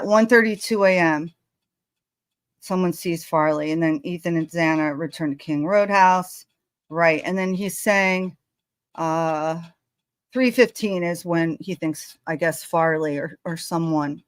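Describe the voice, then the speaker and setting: Brief: lower-pitched woman, slow halting delivery, dry close sound. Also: no echo. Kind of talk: live stream talk.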